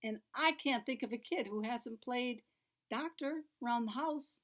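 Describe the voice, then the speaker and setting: A woman reading picture books aloud at a children's story time, playful and expressive, dropping to a soft hush for asides to the little ones. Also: fairly high pitch, unhurried.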